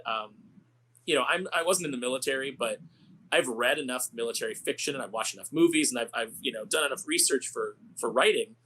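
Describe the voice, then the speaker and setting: A man's voice: mid-range voice, rough recording. Ranting male podcast co-host. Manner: ranting, animated storytelling. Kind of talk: casual chat.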